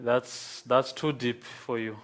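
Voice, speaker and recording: A man lecturing a class, explaining slowly and patiently and checking in with "okay?". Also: medium pitch, steady tone.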